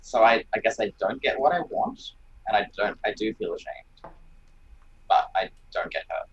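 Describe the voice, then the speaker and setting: A man's voice: fairly low pitch, expressive, moderate pace, husky, highs cut off. A man playing in a tabletop game, talking hesitantly with restarts. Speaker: player. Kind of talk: casual tabletop play.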